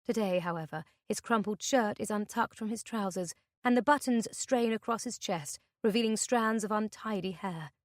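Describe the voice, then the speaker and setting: A woman's voice: mid-range voice, moderate pace, few pauses, no echo, clean studio sound. Woman narrating a tense thriller. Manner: tense first-person storytelling. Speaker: audiobook narrator. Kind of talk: scripted narration.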